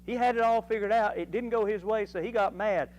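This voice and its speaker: A man leads a Sunday school class in a church, reading scripture and then riffing on it in a folksy, animated way. His voice sits a little high for a man. A faint hum runs underneath the recording. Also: fairly quick, dull audio. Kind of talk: Bible lesson.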